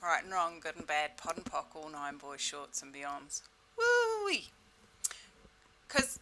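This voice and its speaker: A woman leading a self-help webinar in a playful, exclamatory way, repeating set clearing phrases. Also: low voice, pushed and bright, a little hiss or hum, poor audio. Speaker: webinar facilitator.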